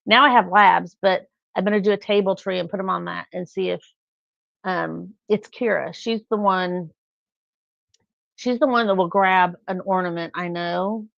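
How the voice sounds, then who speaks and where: A middle-aged woman chats on a live stream, rambling from one anecdote to the next. Her voice carries a gravelly fry. The sound is dry and a little dull, with no room around it. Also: lowish voice, normal speed, fairly bright tone, dry recording. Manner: chatty, rambling, acts out quotes with laughs. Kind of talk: casual live-stream chat.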